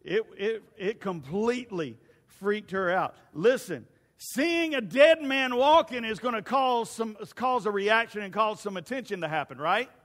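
A male pastor preaching an animated sermon, swinging from shouts to hushed asides. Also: high-pitched, a little slow. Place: church sanctuary. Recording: long church reverb.

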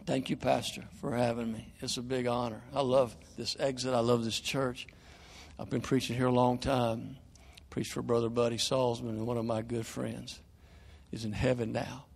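An older man preaching as a guest evangelist in a church. He moves between hushed, earnest prayer and animated storytelling. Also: medium pitch, normal speed, creaky, big-room sound. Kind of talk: sermon and prayer. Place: church sanctuary.

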